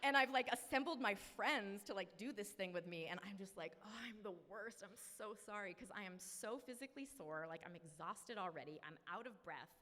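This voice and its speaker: A woman's voice: mid-range voice, lively intonation, fairly quick, hardly any pauses, sharp tone, long reverb tail. A woman in her thirties from Maine, telling a personal story to a live audience in a chatty, self-deprecating way. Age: 30s. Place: live event venue.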